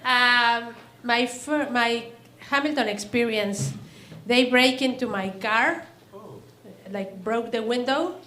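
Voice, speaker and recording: A woman hosting an open mic night, introducing acts and telling short jokes with a slow, deadpan delivery. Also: fairly high pitch. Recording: echoey live room with loud noise.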